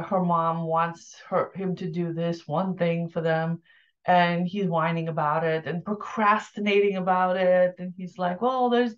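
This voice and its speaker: A woman's voice: mid-range voice, muffled recording. A woman giving casual, opinionated book reviews, talking candidly with lots of fillers and restarts.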